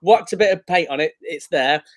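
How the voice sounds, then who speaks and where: A man's voice: fairly high pitch, normal speed, no echo. A man with a Manchester accent, an actor guest chatting casually on a video call and telling rambling, self-mocking stories. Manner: self-deprecating, rambling anecdotes. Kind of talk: casual chat.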